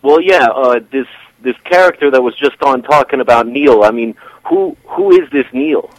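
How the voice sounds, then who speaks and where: A man, calling in to a radio show and arguing with the hosts, hesitant at first and quickly indignant. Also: medium pitch, very animated, vocal fry, no echo, low-quality recording. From New York. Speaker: caller. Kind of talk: casual radio banter.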